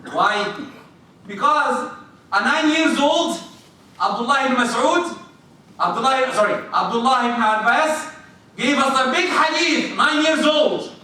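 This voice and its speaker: Preacher, male, lively sermon delivery, high ringing voice, heard from a distance in a reverberant mosque hall. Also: a little slow. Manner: animated, acts out little scenes, questions the listeners. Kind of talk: sermon to a congregation. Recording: echoey hall, distant mic.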